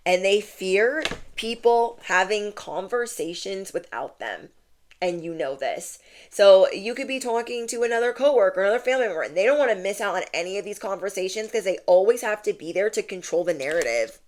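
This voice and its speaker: A woman's voice: mid-range voice, expressive, a little fast, a little mellow. A young woman giving a casual spiritual tarot reading and talking to viewers in a chatty, emphatic way. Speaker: tarot reader.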